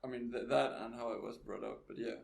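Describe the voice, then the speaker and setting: A soft-spoken man answers in a calm, measured way during a casual chat. His voice has a gravelly edge and a middle pitch. The room around him sounds roomy.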